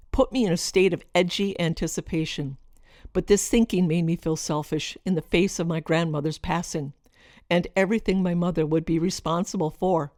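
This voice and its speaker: A middle-aged woman from Minnesota reading her own personal story in a reflective, expressive way. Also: medium pitch, no room sound, studio quality. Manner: reflective, expressive, lingering over list words.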